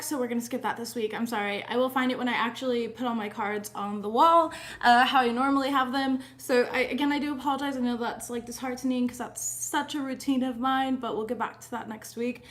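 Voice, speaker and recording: A young woman with a high voice gives a casual tarot reading. She talks in a loose, chatty way, swears freely and laughs often. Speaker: tarot reader.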